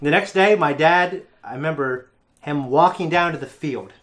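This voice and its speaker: Lively young man telling a story. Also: fairly high pitch, moderate pace. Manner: animated, laughs often, acts out other voices. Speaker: reaction show host. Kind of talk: casual storytelling.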